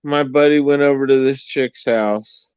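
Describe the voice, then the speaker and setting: Man, slow unhurried talk, laughs easily, dull dry lo-fi sound. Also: medium pitch, steady tone, a little mellow, smooth, no room sound. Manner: drawn-out storytelling, laughs easily. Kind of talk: casual crude chat.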